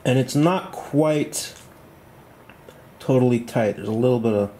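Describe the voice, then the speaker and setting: A man walking through a model glider build at home at night, thinking aloud in a relaxed, self-deprecating way. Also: mid-range voice, a little slow, slight background noise. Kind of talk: hands-on build tutorial.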